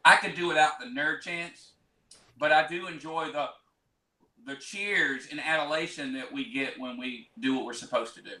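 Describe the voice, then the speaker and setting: A man's voice: fairly high pitch, moderate pace, bright, forceful tone. A man speaking as a pompous wrestling manager, boasting in character during an interview. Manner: boastful, grandiose. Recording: roomy echo.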